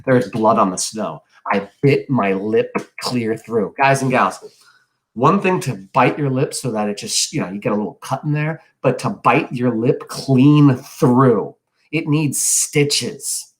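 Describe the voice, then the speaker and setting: A man's voice: medium pitch, unhurried. A man teaching a class, reading a novel aloud and stopping often to explain it, ask questions and comment earnestly. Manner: earnest, occasionally loses his place.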